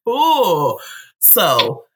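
A woman's voice: on the low side, huge pitch swings, extremely slow. A woman co-hosting a casual interview podcast, playful and enthusiastic with laughing asides. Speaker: podcast co-host. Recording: loud background noise with clicks.

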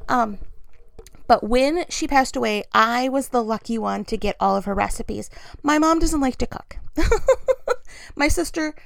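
Woman with a gravelly, lively voice. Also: a little high, measured pace, long pauses, no room sound. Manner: animated, acts out quoted voices, laughs often. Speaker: storyteller sharing family memories. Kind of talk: casual personal storytelling.

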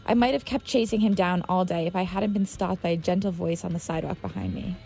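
Low gravelly woman narrating a story. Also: fast talker, warm tone, soft background music. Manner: tense, vivid storytelling with heated quoted outbursts. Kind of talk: scripted personal narration.

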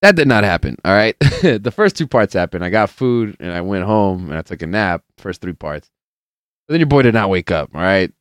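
Deep-voiced rambling, cursing young man. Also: very animated, normal speed, dry recording, studio quality. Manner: rambling and profane, heavy on filler words; loose storyteller who plays out the people in his stories. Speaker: podcast host. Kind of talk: casual chat.

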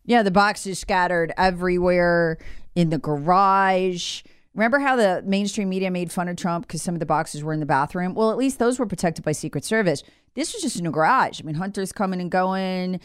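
A woman's voice: lowish voice, normal speed, clear, resonant tone, no room sound, studio quality. A woman hosting a political talk show, giving sarcastic, mocking commentary and drilling points home with "remember". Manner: slips into mock voices to ridicule officials.

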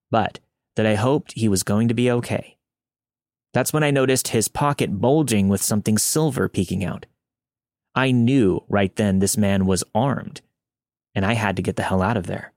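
A man narrating a listener's true scary story in a calm, measured reading. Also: lowish voice, no room sound, clean studio sound. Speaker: podcast narrator.

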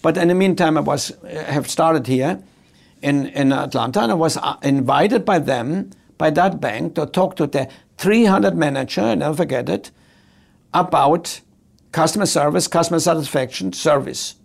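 Man, storytelling talk, acts out dialogue, gravelly, a bit high. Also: moderate pace. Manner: animated, acts out dialogue, repeats key words. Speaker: speaker on customer service.

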